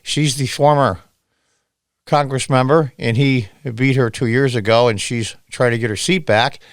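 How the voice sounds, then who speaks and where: A middle-aged man from upstate New York hosting solo political commentary in a sarcastic, emphatic, lively way. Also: mid-range voice, unhurried, dry recording, studio quality.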